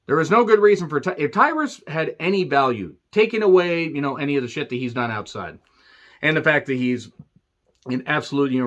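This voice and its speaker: A man's voice: mid-range voice, a bit bright, dull audio. Sarcastic rambling man reviewing wrestling. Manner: sarcastic, rambling, swears freely. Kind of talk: casual solo review.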